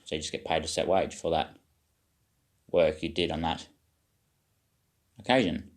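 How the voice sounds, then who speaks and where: A man's voice: rumbling low, steady tone, moderate pace. A man giving a rambling, self-questioning spiritual monologue to his viewers, swearing now and then. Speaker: vlogger.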